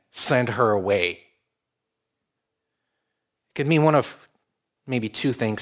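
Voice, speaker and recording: A man preaching a sermon in a conversational way, building to emphatic stretches. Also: mid-range voice. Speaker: pastor.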